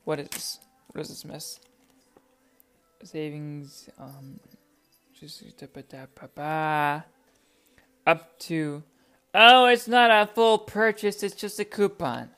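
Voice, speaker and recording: A young woman hosting a podcast in casual chat, profane, excitable and rambling, talking into a desk microphone. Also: deep voice, takes it slowly, long pauses, smooth, faint music behind. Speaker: podcast host.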